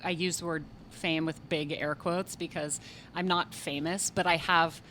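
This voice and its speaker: A woman's voice: deep voice, steady tone, unhurried, fairly bright tone, slight background noise. A woman hosting an interview, chatty and self-deprecating, laughing easily as she talks. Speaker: interview host. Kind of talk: casual interview chat.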